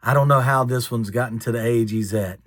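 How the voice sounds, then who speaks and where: A man voicing a short older woman who speaks slowly and solemnly, pitying a stranger. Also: medium pitch, no room sound, clean studio sound, voice pushed down, lightly acted.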